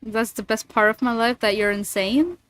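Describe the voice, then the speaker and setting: A woman's voice: on the high side, normal speed, a bit bright, clean tone, no room sound. A woman streamer chatting casually and rambling, swearing freely between thoughts. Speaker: streamer and voice actor. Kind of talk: casual livestream chat.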